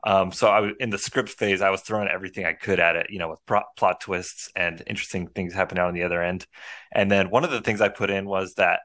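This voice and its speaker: A man, a filmmaker guest, telling the story of his film in relaxed, chatty conversation. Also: low-pitched, fast talker. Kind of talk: casual conversation.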